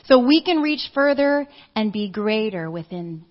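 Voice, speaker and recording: A middle-aged woman preaching, telling a personal story in an animated way and acting out the people she quotes. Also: fairly high pitch, measured pace. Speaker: church speaker. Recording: dull lo-fi audio.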